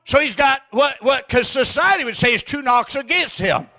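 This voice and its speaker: A man preaching a sermon in a church, emphatic, with frequent restarts and bursts of shouting. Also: very high voice, animated, normal speed. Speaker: pastor. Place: church sanctuary.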